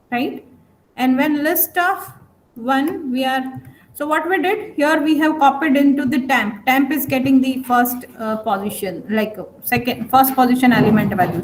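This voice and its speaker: A woman teaching a programming class online, often stopping to check whether students follow. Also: high voice. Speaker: programming lecturer. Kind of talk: online lecture. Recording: echoey room, faint noise.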